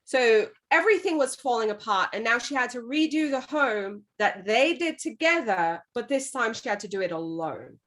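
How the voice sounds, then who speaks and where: A woman's voice: fairly high pitch, lively intonation, normal speed, few pauses, a bit bright. Woman podcast cohost, retelling a book in casual chat, lots of "you know". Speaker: podcast co-host.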